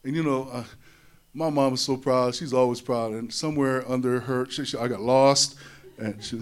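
Man telling an emotional personal story. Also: normal speed. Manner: animated, repeats words, voice drops low and soft in tender moments. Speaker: speaker sharing a personal testimony.

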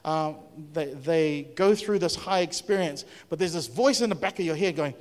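A pastor preaches in a lively, chatty way, often turning questions to his congregation. His voice sits a little high. A long reverb from the church hall trails every phrase. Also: moderate pace, few pauses. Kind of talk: sermon.

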